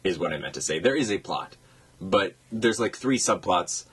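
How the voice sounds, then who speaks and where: A man in casual chat about films, animated and joking, swearing freely. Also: low-pitched, normal speed, breathy edge, low-quality recording.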